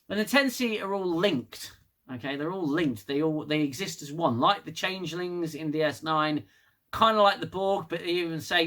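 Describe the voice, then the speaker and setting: Male reviewer, slightly high voice, sarcastic and rambling, swears freely. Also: lively intonation, moderate pace, bright, forceful tone. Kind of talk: casual solo review.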